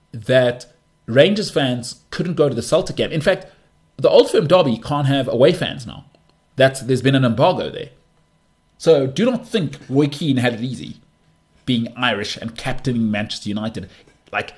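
Animated ranting male sports host. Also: medium pitch. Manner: emphatic and exasperated, repeats words for stress. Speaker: podcast host. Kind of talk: solo sports talk rant.

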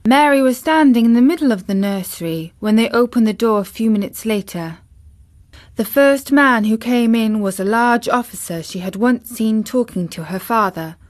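A woman storyteller reading a children's chapter book aloud in a gentle, measured way. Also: fairly high pitch.

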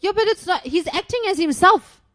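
A woman's voice: very high-pitched, expressive, a little fast, a bit bright. A woman co-hosting a casual film review chat, emphatic and opinionated, laughing often. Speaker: podcast co-host.

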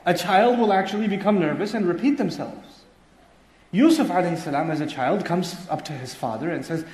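Middle-aged guy giving a mosque lecture, pretty high voice, explains the arabic words step by step, gets animated acting out kids, big echoey hall. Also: moderate pace. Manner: animated storyteller who acts out a child's excited voice; explains Arabic terms patiently. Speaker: religious teacher. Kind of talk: Quran commentary lecture. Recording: echoey hall with long reverb.

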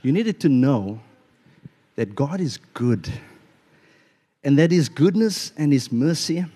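Animated pastor preaching, mellow voice. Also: male voice, fairly high pitch. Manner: animated, playful storytelling with acted-out voices. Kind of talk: sermon. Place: church.

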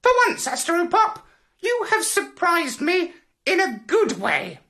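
A man voicing a squawking, bossy know-it-all parrot in a storybook tale, lecturing in a shrill tone. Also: big pitch swings, takes it slowly, gravelly, sharp tone, full character voice. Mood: bossy, explaining.

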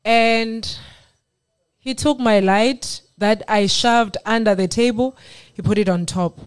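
A woman's voice: on the high side, slow pace, smooth. Earnest woman sharing her testimony. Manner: earnest, animated storytelling. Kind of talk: radio testimony chat.

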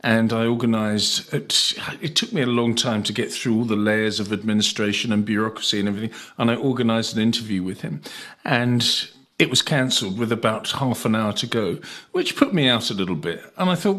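A man's voice: lowish voice, brisk, fairly bright tone. A man from England, a broadcaster hosting an interview and telling a story in a chatty, anecdotal way. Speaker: host, broadcaster.

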